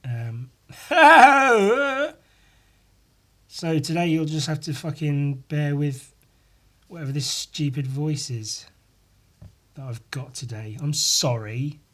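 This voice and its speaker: A man hosting a casual solo podcast, hoarse and losing his voice, rambling, swearing freely and putting himself down. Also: on the high side, animated, takes it slowly, long pauses, a bit bright. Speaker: podcast host.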